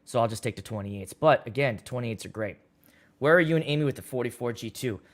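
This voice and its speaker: A man's voice: medium pitch, fast. A man hosting a casual livestream, reading viewer comments aloud and telling loose, crude jokes into a studio microphone. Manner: loose, joking and rambling, with crude humor. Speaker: DJ and livestream host.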